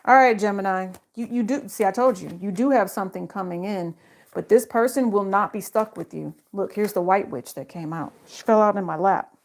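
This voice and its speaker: A woman's voice: medium pitch, brisk. A woman giving a casual tarot reading straight to her viewers in a chatty, slangy way. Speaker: tarot reader.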